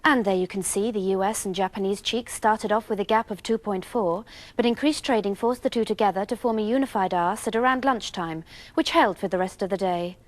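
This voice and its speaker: A woman presenting business news in a deadpan, straight-faced way. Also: medium pitch, a little fast, hardly any pauses. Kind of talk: deadpan satirical news reading.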